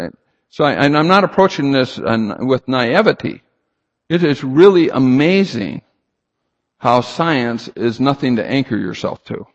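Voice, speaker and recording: Guy giving a sermon, lively emphatic delivery, reverb from a big hall. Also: fairly high pitch, muffled recording. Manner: emphatic, rhetorical questions, reads scripture aloud. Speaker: preacher.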